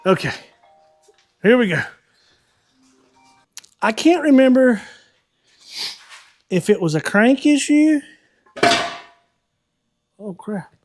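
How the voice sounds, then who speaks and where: A man, hosting a car-building vlog from his shop, chatty and folksy as he thinks out loud while he works. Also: extremely high pitch, big pitch swings, takes it slowly, long pauses, faint music behind. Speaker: host of a car-building channel. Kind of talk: casual shop vlog talk to viewers.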